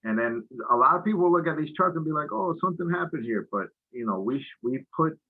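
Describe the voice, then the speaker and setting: A man's voice: fairly high pitch, animated, a little fast, phone-quality sound. A man giving a casual market recap while walking through charts, talking in a loose, rambling way with lots of fillers and slang. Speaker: futures trading presenter.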